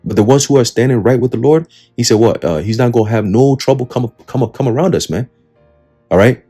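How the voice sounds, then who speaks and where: A man giving casual, street-style Bible teaching in slangy, profane talk, often pausing to ask his listeners "right?". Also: mid-range voice, warm tone, slightly rough, faint music behind. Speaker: preacher.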